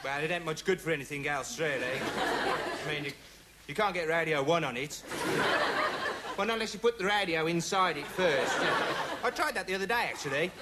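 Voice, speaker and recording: A dim, high-voiced young lad, as a man plays him rambles through a digressive comedy monologue, padding every thought with "you know" and "right". It is noisy early 1980s television audio, with a loud studio audience laughing throughout. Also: normal speed, a loud crowd, natural voice. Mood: rambling. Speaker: comic character monologue.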